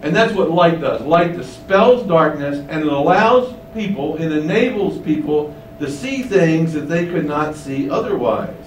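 A man's voice: a little high, animated, a little slow, hardly any pauses. A man preaching a sermon, emphatic, with many rhetorical questions, in a windowless room. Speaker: pastor. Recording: roomy, distant mic, faint hum.

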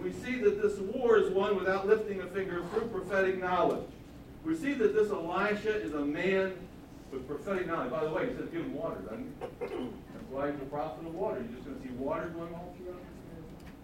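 A man teaches from the Bible, retelling the story with lively acted-out voices. His voice sits a little high. He is recorded from a distance in a very echoey hall with faint background noise. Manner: animated storytelling, acts out voices of the characters. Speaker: preacher.

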